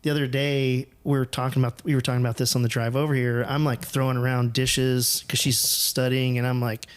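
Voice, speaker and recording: A man's voice: medium pitch, flat delivery, fairly quick, smooth. A man from the United States hosting a podcast, telling rambling, profane, self-deprecating stories in casual conversation. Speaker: podcast host.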